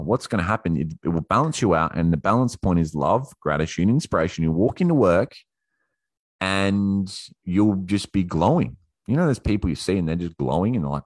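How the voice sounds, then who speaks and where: A young man coaching viewers in a casual motivational talk, blunt and quick to swear, often restarting his sentences. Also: low voice, no echo, studio quality. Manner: blunt, swears freely, self-interrupting.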